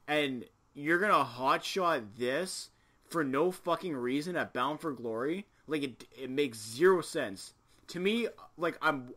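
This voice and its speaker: A man's voice: on the high side, bright, forceful tone. A man from Canada hosting a casual wrestling podcast, ranting with exasperation and frequent swearing. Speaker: podcast host. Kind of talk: casual chat.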